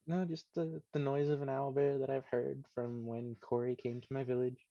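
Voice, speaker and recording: A man's voice: medium pitch, level tone, moderate pace, no echo. A man playing a tabletop game, asking about the rules and thinking aloud. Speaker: player. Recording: dull lo-fi mic.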